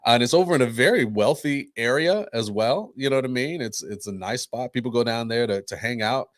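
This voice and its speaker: A man co-hosting a podcast in relaxed conversation. He tells stories in an animated way and slips into the voices of the people he describes. His voice sits in a middle range and sounds dry and close to the mic. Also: medium pitch, fairly quick, dry recording. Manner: animated storytelling, acts out quoted voices. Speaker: podcast co-host. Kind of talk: casual chat.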